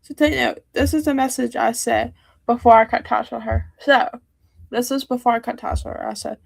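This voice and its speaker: Teen girl venting on her stream, kinda high, gravelly fry, hurt and rambly, dry close mic. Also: fairly even intonation, normal speed, dry recording. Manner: hurt, rambling, many fillers and restarts. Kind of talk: upset personal livestream talk.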